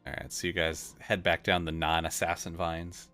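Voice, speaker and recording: Man, very deep voice, game master, rambling narration, faint music behind. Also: level tone, moderate pace, bright, forceful tone. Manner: rambling, many fillers and restarts.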